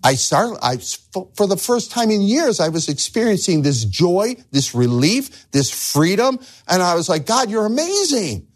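An animated male pastor preaching a sermon, his voice leaping up and down in pitch. He acts out the voices of the figures he tells about, with plenty of drama. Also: measured pace, few pauses.

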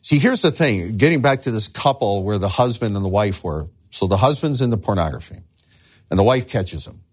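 A man's voice: on the low side, lively intonation, a little fast. A man preaching a sermon as a pastor, earnest, asking the listeners rhetorical questions and repeating words as he starts phrases.

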